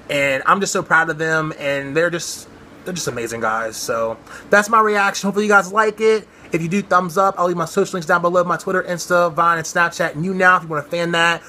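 A young man doing excited reaction commentary, gushing and slangy with a lot of swearing. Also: fairly high pitch, slight background noise. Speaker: vlogger reacting to a music performance. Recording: pop music playing loudly behind.

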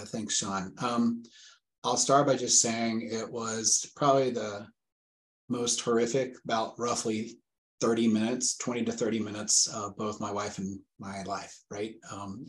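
A father in his forties, interviewed as a guest, earnestly and vividly recounts a frightening scam phone call. His voice is on the low side, steady in tone, at a moderate pace, and the room sounds echoey.

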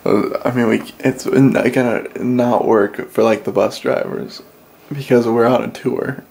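A man's voice: mid-range voice, steady tone, unhurried, creaky, darkish tone. A young man speaking shyly and hesitantly as the vlogger's companion. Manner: hesitant, shy, mumbled. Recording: noisy camera audio.

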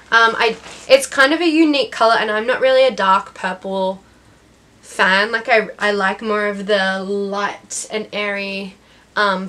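A woman's voice: fairly high pitch, sharp tone. A young woman, hosting her knitting podcast in a chatty, rambling way with lots of ums and restarts. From Australia. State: has the hiccups. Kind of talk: casual chat.

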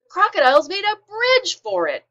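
A shrill screaming wild boar, voiced by a woman. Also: huge pitch swings, moderate pace, a bit bright, dull audio, exaggerated voice. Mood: screaming alarm. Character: shrieking angry wild boar, male.

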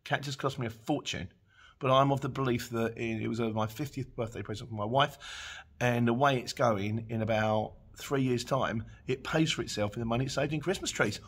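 A man's voice: mid-range voice, fairly quick, breathy edge. A man, chatting casually as a courier driver who vlogs. He rambles, goes off on tangents, reads out viewer comments and laughs easily. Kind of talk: casual chat. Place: dim room at home.

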